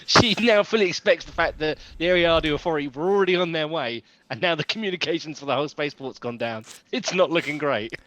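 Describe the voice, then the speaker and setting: A man's voice: on the high side, quick pace, few pauses, fairly bright tone, slight background noise. A man playing a tabletop game, casually explaining his character's skills. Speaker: player.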